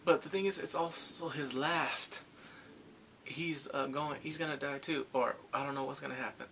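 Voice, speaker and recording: A man recapping a drama episode in a casual, excited way, acting out the characters' lines and his own reactions. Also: on the high side, normal speed, a little hiss or hum. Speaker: drama reviewer.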